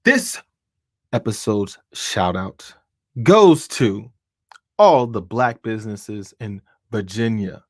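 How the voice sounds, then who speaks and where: A man voicing a deep-voiced male show announcer with a slow, smooth delivery. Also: lively intonation, no echo, clean studio sound. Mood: announcing.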